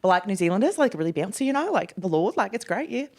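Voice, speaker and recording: A woman in her thirties co-hosting a casual podcast chat, bubbly and quick to laugh. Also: mid-range voice, sing-song, a little mellow. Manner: chatty, laughs often, bubbly. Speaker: podcast co-host. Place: conference venue.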